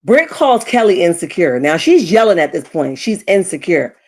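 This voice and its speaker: Lady doing a reality show recap, super lively voice, dramatic storyteller vibe. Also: on the low side, moderate pace. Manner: animated, dramatic retelling with acted quotes. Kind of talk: casual recap commentary.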